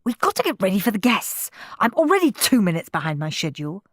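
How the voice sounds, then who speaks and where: A woman's voice: mid-range voice, very animated, fast talker, no room sound, clean studio sound. A woman voicing a flustered, fussy father who talks in a harried way in a storybook reading. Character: flustered fussy dad cooking.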